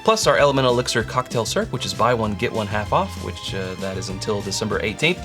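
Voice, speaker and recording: A playful male co-host whose voice rises and falls in lively swings, breaking into sudden high exclamations. He jokes around in a casual tasting chat with faint music underneath. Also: quick pace.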